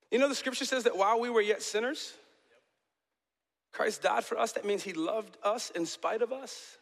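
High-voiced bright male pastor preaching. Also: moderate pace, gravelly. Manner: passionate, builds to shouting then drops to soft and intimate. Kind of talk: sermon. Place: large church sanctuary. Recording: long reverb of a large hall.

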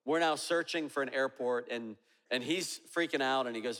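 A man's voice: mid-range voice, normal speed, fairly bright tone. A man preaching a sermon, telling a story and acting out both sides of the dialogue. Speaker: pastor. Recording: long reverb of a large hall.

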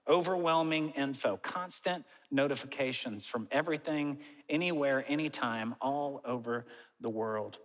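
A pastor in his forties giving a conversational sermon, animated, with self-mocking asides. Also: mid-range voice, normal speed, in a large hall, poor audio. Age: 40s.

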